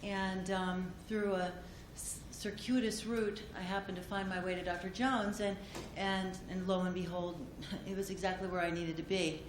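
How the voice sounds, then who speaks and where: A woman accepting an award for a doctor at a conference, speaking gently, with many fillers and restarts. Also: lowish voice, flat delivery, normal speed, few pauses. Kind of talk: heartfelt conference speech. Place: conference hall. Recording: echoey hall, audience noise.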